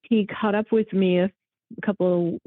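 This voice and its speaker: A woman guest in a casual interview, telling her story in an animated, emotional way. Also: medium pitch, measured pace, no room sound. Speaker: guest, thru-hiker. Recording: tinny phone-like line.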